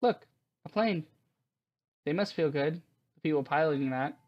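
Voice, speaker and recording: A man voicing a shy, clever teenage schoolgirl in a soft, quiet reading of her lines for a visual novel game. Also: a little high, unhurried, muffled recording, natural voice. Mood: wistful.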